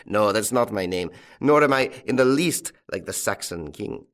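A man's voice: on the low side, animated, moderate pace, lightly acted. A man reading an audiobook, voicing a jovial middle-aged army colonel who hosts guests and barks orders when alarmed. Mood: merry. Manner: genial and talkative, turning loud and commanding in alarm. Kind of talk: audiobook character voice.

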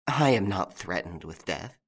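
A man's voice: sits low, animated, a little slow, slightly rough, full character voice. A man reading an audiobook, voicing an anxious, frightened young French woman from a country estate in a raised voice. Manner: anxious, breathless and pleading.

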